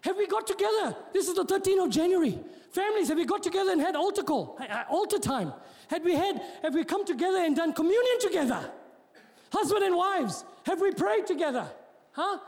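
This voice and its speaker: High-voiced preaching pastor, man. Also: animated, fairly quick. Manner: preaching with joking asides, rising to shouts; repeats and restarts words. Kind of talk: sermon. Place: church hall. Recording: long hall reverb.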